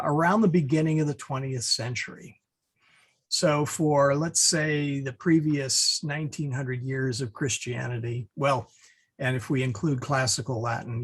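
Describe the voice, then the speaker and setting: A man teaching an online Latin class over a video call, relaxed with many fillers and restarts. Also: mid-range voice, vocal fry, husky.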